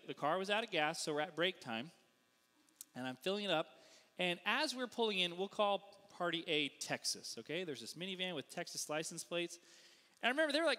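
A man from the Northeastern US preaching a sermon as a pastor, telling stories with animated, self-deprecating humor in a church sanctuary. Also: high voice, in a large hall. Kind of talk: storytelling sermon.

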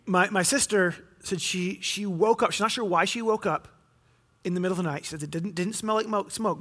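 A pastor preaching a sermon, telling a story and acting out what people say. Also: male voice, fairly bright tone. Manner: storytelling, acting out quotes with rising pitch.

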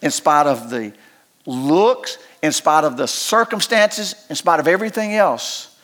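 A male pastor delivering a sermon in a notably high voice. He speaks in a folksy, homespun way, repeating key phrases and rising into impassioned stretches. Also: lively intonation, measured pace, a bit bright. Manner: folksy, repetitive, builds to impassioned peaks.

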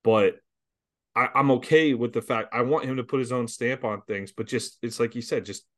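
A man co-hosting a football podcast in casual chat, measured and agreeable as he adds his own point. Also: mid-range voice, fairly even intonation, fairly bright tone. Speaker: co-host of a college football podcast. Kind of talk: casual sports talk.

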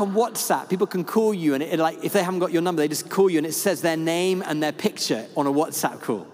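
Male priest, high tenor, lively chatty storyteller; echoing hall sound. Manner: animated, chatty, with lots of fillers. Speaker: parish priest. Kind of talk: storytelling sermon. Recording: echoey hall with long reverb.

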